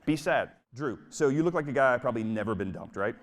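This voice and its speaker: A man's voice: medium pitch, animated, a little fast, in a large hall. A man giving a motivational keynote talk on stage in a casual, playful, emphatic way. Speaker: motivational speaker. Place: stage in a large hall.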